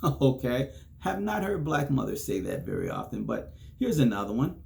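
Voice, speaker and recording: A man's voice: mid-range voice, wildly swooping pitch, moderate pace, vocal fry, darkish tone. A man hosting a solo podcast, chatting casually, chuckling between points and often checking in with "okay?". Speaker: podcast host.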